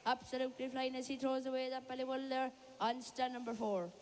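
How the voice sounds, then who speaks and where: A woman rattles off excited play-by-play at the shearing stands. Her voice is high but held in a narrow, flat pitch band. It rings through a large reverberant hall over a PA, with faint crowd noise behind. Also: fairly quick. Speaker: shearing commentator. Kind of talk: live sports commentary.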